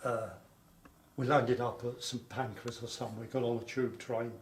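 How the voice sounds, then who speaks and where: Briskly, with little pitch movement in his mid-range voice, an older man recounts his wartime childhood for an oral history interview. He tells it in a rambling way, with repetitions. The space is echoey and there's faint background noise.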